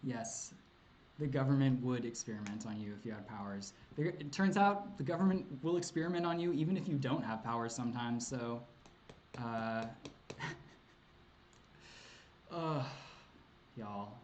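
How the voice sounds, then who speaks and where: A man's voice: mid-range voice, unhurried, pauses often, a little mellow, a little hiss or hum. A man answering chat questions on a casual livestream, rambling and hesitant with many ums and likes, laughing often and swearing casually.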